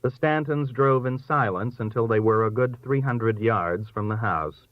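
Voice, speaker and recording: A man narrating a literary short story aloud in a lively, expressive way. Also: medium pitch, a little slow, no echo. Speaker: audiobook reader. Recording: thin phone-like dry sound.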